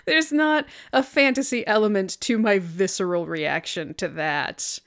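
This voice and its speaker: A woman chatting casually about a film, retelling scenes with lively put-on quotes. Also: mid-range voice, a little slow. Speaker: podcast co-host. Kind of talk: casual chat.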